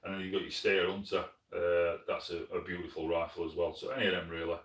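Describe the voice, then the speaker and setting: This Sheffield man, who runs a hunting channel, has a low, fairly bright voice, a level tone and a fast delivery. Live-streaming from his lodge in his South Yorkshire accent, he works through viewer comments plainly and warmly, calling folk mate a lot. The mic is distant and the room echoes.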